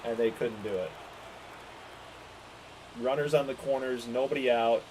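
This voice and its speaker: A man's voice: medium pitch, a little slow, noisy background. A man calling a baseball video game play by play, exasperated and swearing as his team loses. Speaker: gaming streamer calling the game.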